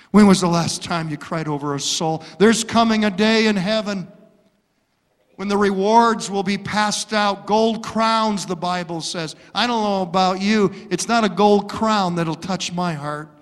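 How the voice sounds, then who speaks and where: In a church sanctuary, a male pastor preaches an impassioned sermon and acts out stories. His voice is high-pitched and fairly bright, and he takes his time. The recording carries the long reverb of a large hall.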